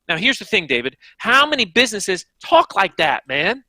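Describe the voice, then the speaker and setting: A man, an author being interviewed, answering with animated, emphatic energy and speaking straight to the audience. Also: sits high, moderate pace, few pauses, no room sound. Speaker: author and guest.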